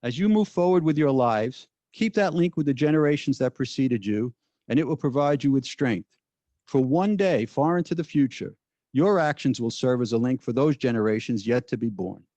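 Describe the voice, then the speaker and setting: A man delivers a formal keynote at a ceremony, measured and earnest. His voice sits mid-range. The recording is dull and dry, with little room sound. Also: mid-range voice, expressive, dark tone, no room sound. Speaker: judge giving keynote speech.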